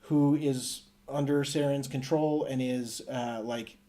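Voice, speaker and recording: A man's voice: medium pitch, takes it slowly. A man hosting a casual podcast, recapping a video game and acting out the characters' lines. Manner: animated storytelling, acts out quotes. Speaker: podcast host.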